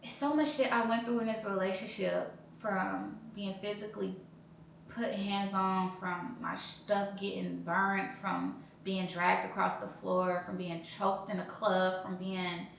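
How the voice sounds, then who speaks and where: A young woman, casually telling her own breakup story as a podcast host, blunt and profane, jumping into high loud voices when she quotes others. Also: steady tone, a little slow, vocal fry. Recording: very echoey room, faint background noise.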